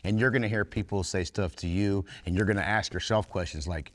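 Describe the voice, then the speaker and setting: A man's voice: on the low side, steady tone, fairly quick. A man giving an earnest, plain-spoken talk at a recovery workshop, folksy and blunt with some cursing. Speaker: workshop speaker in recovery fellowship. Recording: long hall reverb.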